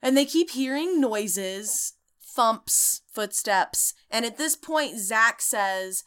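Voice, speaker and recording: Bright, sarcastic woman storyteller. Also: on the high side, slow, clean tone. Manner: animated, sarcastic, swears a lot. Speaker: podcast host. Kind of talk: comedic storytelling recap.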